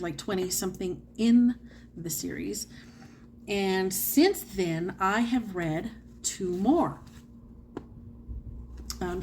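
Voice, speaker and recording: A woman's voice: medium pitch, slight background noise. Chatty woman talking about books. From United States. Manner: chatty, self-correcting, laughs often. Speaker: book vlogger. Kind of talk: casual chat.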